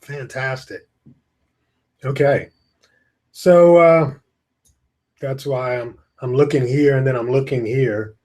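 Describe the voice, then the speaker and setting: A man's voice: mid-range voice, steady tone, slow, pauses often, darkish tone. A man hosting a live online session, chatting casually and rambling, tired and yawning, talking into a webcam. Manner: chatty, rambling, greets viewers by name. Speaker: online course host. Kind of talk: casual live webinar talk. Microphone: webcam with screen beside it.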